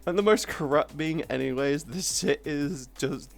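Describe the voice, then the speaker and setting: A woman's voice: low-pitched, unhurried, creaky, soft background music. A woman streamer in casual livestream chat who laughs often and swears freely as she teases her friends.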